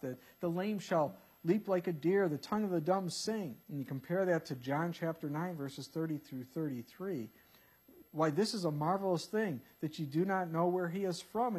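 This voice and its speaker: Guy preaching a bible study sermon, kinda husky voice, earnest and emphatic. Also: fairly high pitch, a little mellow. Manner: earnest, emphatic scripture reading with casual asides.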